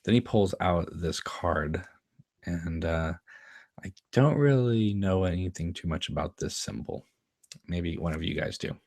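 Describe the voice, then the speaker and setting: A man with a very deep voice talks casually as he comments on an episode, laughing often and repeating lines he hears on screen. The sound is close and dry, with no room echo. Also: animated, unhurried, darkish tone. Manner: chatty, laughs often, quotes lines from the scene. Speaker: show host commenting on an episode.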